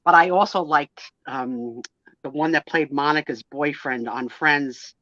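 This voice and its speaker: A woman's voice: sits low, a little slow, bright, forceful tone, no room sound. A woman hosting a live online photo sale, chatting playfully and loosely with lots of fillers. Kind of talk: casual chat. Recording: dull lo-fi online stream audio.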